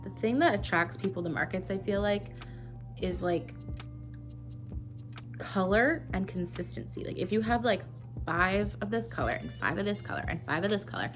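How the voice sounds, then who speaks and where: A woman's voice: mid-range voice, lively intonation, normal speed, music in the background. A young woman from Canada, a crochet vlogger who chats casually and rambles with lots of fillers while she works, recorded on her phone. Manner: chatty and rambling, with many fillers.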